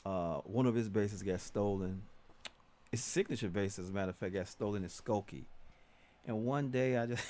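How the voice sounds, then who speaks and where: Low-voiced man speaking haltingly. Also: a little mellow. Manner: halting, with many fillers. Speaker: podcast guest, bass player. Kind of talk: casual chat.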